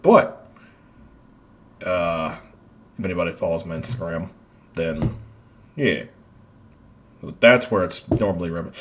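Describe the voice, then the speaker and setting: A man streaming his art, chatting casually and thinking out loud with lots of fillers as he draws. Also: deep voice, slight background noise. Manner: rambling, thinks aloud with many "like"s. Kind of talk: casual commentary while drawing.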